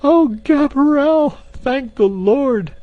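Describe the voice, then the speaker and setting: A man doing a shrill, wailing terrified maid. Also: lively intonation, slow, no room sound, narrow, tinny audio, exaggerated voice. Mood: wailing terror. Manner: shrill high falsetto, wailing. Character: frightened plump maid, woman, wailing and easily terrified.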